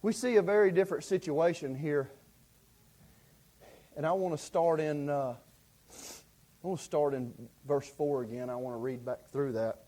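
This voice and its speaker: High-voiced man preaching. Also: measured pace, pauses often. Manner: folksy, excitable storytelling with many fillers, acting out the preacher's lines. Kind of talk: sermon.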